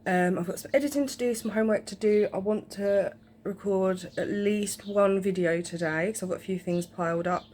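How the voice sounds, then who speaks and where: A woman's voice: medium pitch, moderate pace, darkish tone, a little hiss or hum. Rambling woman vlogging at home. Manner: rambling, chatty, many ums. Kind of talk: casual home vlog chat. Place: home, indoors.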